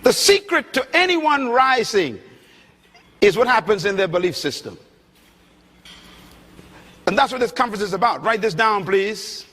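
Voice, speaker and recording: High, bright-voiced preacher in a big hall. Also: male voice, big pitch swings, normal speed. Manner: emphatic, dramatic swings between loud and soft. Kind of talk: sermon. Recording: long hall reverb.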